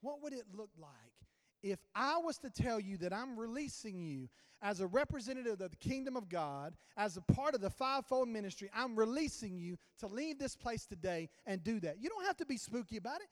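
A man preaching a sermon as a pastor, telling a story with sudden swings in loudness. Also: sits high, expressive, brisk. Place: church sanctuary. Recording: long church reverb.

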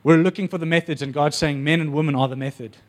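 A man preaching a sermon, telling stories with animated energy and acting out the voices. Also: a little high, quick pace.

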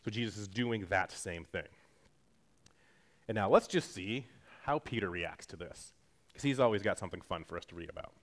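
A man's voice: fairly low pitch, animated, moderate pace, long pauses. Guy preaching, chatty and joking, voice bouncing up and down a lot. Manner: conversational, jokey teaching with acted-out quotes. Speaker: pastor. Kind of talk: sermon.

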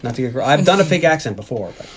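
A man's voice: mid-range voice, animated, very fast, crowd noise. A man co-hosting a movie podcast, retelling scenes in casual chat and laughing often. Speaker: podcast co-host.

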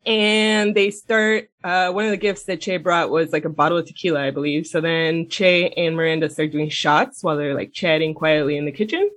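A woman co-hosting a casual podcast, recapping a TV episode in a blunt, animated way, swearing a lot and laughing as she talks. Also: low-pitched, normal speed, hardly any pauses. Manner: laughs often mid-sentence. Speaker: podcast co-host. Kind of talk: casual chat, retelling a TV episode.

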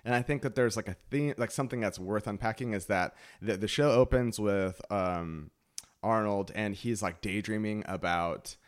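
A man with a fairly low voice chats casually on a podcast. He picks the show apart thoughtfully and fills his pauses with "like" and "uh". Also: clear, resonant tone. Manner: thoughtful, analytical, many fillers. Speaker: podcast co-host. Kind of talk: casual review chat.

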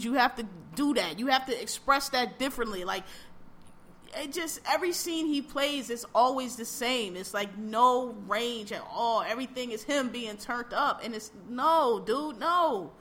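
Ranting bright-voiced woman podcaster. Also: fairly high pitch, moderate pace. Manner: blunt, animated ranting with repeated words. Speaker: podcast co-host. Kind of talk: casual chat reviewing a TV show.

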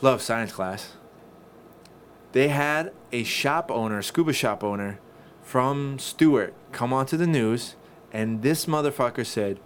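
A man talking casually on a podcast, swearing freely and telling stories in an animated way. His pitch sits in the ordinary middle range for a man. A faint hiss of background noise runs under the voice. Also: measured pace. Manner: profane, animated storyteller. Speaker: podcast co-host. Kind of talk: casual chat.

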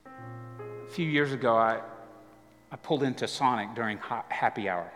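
A man preaching a guest sermon, telling a personal story in a conversational way that swings from lively to hushed. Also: mid-range voice, moderate pace. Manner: conversational, animated storytelling with dramatic drops to quiet. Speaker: guest pastor. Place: church auditorium with live music behind. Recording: live church hall reverb with music.

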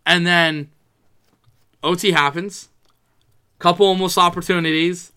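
A young man in his twenties recounts a game in loose, swearing chat. He has a bright, forceful voice that sits a little high for a man. He keeps acting out what he said, in a lively, animated way. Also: normal speed, pauses often, smooth. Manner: profane, animated storytelling, quotes himself a lot. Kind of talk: casual sports chat.

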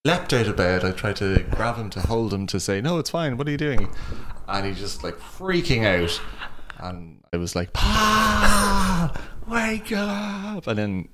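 Low-voiced man with dry humor, noisy recording. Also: expressive, moderate pace. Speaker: podcast co-host. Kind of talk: casual chat. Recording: noisy background.

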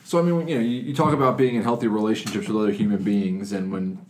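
A man's voice: lowish voice, fairly even intonation, fast talker. A man co-hosting a casual podcast about faith, joking and then reflecting, often restarting his sentences. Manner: joking, reflective, self-interrupting. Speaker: podcast co-host.

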